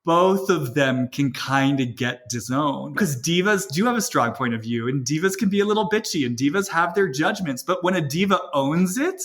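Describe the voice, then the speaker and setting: Male podcast host, slightly high voice, musing casual talker who thinks out loud. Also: animated, moderate pace, few pauses. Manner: reflective, thinks aloud with many "like" and "you know". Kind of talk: casual chat.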